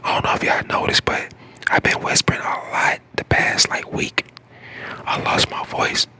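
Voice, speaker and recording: A man in his twenties from St. Louis, whispering casual chat to viewers on an ASMR live stream, hoarse from a lost voice. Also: moderate pace, pushed and bright. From St. Louis, Missouri. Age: 20s. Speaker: ASMR creator.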